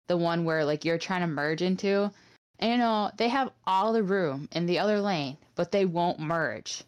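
A woman's voice: lowish voice, clean tone. Exasperated woman in casual chat. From Wisconsin. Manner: animated, exasperated, laughing between phrases. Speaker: podcast co-host.

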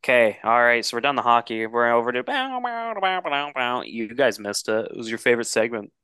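A young man co-hosting a podcast, his voice bright and forceful. He rambles animatedly through stories and swears freely. The recording is close and dry, with no room sound. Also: mid-range voice, expressive, quick pace, smooth, dry recording. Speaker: podcast co-host. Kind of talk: casual chat.

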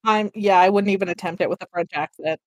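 A woman co-hosting a casual chat, teasing her partner with quick quips. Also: medium pitch, steady tone. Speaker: podcast co-host.

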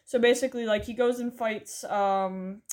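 A woman's voice: fairly high pitch, fairly even intonation, normal speed, darkish tone. A young woman from Poland co-hosting a podcast, rambling casually with lots of "like" and frequent giggles. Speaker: podcast co-host. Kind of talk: casual chat.

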